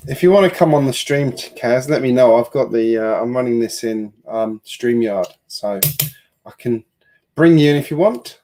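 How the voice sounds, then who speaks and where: Brief: a mid-pitched man rambling casually on a home live stream, with noticeable background noise. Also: animated, moderate pace, mellow. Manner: chatty, rambling, self-deprecating asides. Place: home build room at a computer.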